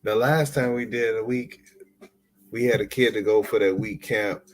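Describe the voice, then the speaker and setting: A man's voice: fairly low pitch, steady tone, moderate pace. A man hosting his own podcast, telling stories in a loose, playful, slangy way. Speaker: podcast host. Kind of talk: casual solo podcast monologue.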